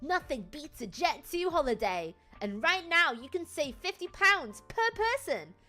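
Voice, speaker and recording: A woman imitating a chirpy British advert voice-over woman with a British accent, selling in an over-the-top upbeat pitch. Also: sing-song, a little slow, bright, forceful tone, faint music behind, full character voice. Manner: chirpy, sales-pitch enthusiasm. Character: bubbly British advert woman, overly cheerful.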